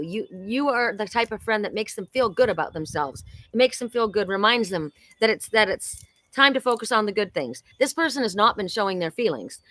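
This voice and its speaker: A woman's voice: mid-range voice, bright, forceful tone, dry recording. Chatty woman psychic reader, dry sound. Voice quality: chatty, exclamatory, talks straight to viewers. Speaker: psychic card reader and host. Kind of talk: live-streamed oracle card reading. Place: home in Sedona.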